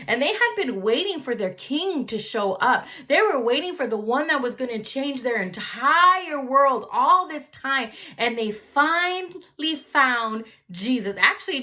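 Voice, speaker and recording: Woman youth speaker, bright tone, slangy lively storyteller. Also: on the high side, moderate pace, hardly any pauses. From California. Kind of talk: youth club Bible talk.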